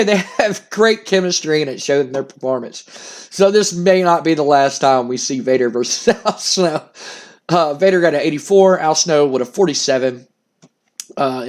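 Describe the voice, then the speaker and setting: A man casually narrating a wrestling simulation game, rambling, cursing and chuckling as he goes. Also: on the high side. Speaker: game streamer.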